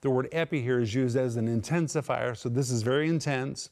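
A man teaching from the Bible, explaining Greek word meanings step by step and slowing down with emphasis on quoted verses. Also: mid-range voice, darkish tone. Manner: emphatic, slows and rises for quoted scripture and key words.

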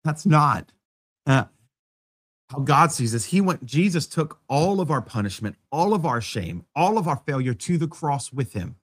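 A man delivers a sermon in the easy, conversational style of a pastor talking to his congregation. His voice sits a little high for a man, and he often slips in gentle humor at his own expense. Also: very animated, moderate pace. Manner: conversational preaching with self-deprecating humor.

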